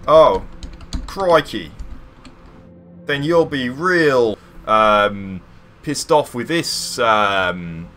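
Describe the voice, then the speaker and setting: A man putting on an exaggerated Australian accent as a boisterous bloke, loud and full of slang. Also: mid-range voice, expressive, very slow, pauses often, a little hiss or hum, pitched above the performer's own voice, exaggerated voice. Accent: put-on Australian.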